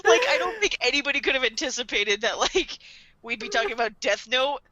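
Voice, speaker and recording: Animated, bright-voiced woman co-host. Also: sits high, a little fast, slight background noise. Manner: animated, laughs often, acts out quoted lines. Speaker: podcast co-host. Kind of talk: casual chat. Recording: dull, lo-fi recording.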